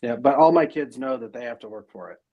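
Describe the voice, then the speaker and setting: A man's voice: medium pitch, fast talker, phone-quality sound, a crowd in the background. A middle-aged man as interview guest, talking casually and rambling with many fillers and restarts.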